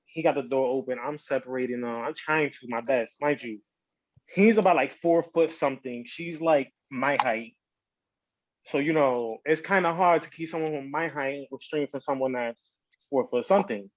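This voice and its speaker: A man's voice: mid-range voice, normal speed, no room sound, muffled recording. A man on a podcast telling a story in casual slang, acting out what people said. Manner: animated, slangy storytelling with quoted voices. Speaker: podcast host.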